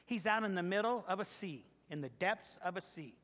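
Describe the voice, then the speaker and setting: A male pastor tells a story through an emphatic sermon and hammers his points with repetition. His voice is high and sharply bright. A long reverb rings through the church sanctuary. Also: expressive, normal speed.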